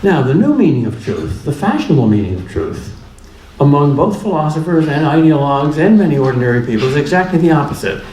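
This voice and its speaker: A man's voice: fairly high pitch, very animated, quick pace, darkish tone, a little hiss or hum. A man giving a public lecture in a plainspoken, humorous way, driving points home through repetition. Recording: echoey room with faint ambience.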